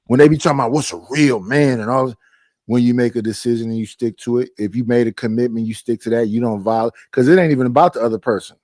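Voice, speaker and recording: A man's voice: medium pitch, quick pace, no room sound. A middle-aged man talks through a casual stream chat in a mid-range voice. He speaks emphatically, circling back and repeating his points. The sound is dry and close. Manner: emphatic, animated storytelling with frequent repetitions. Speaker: stream host.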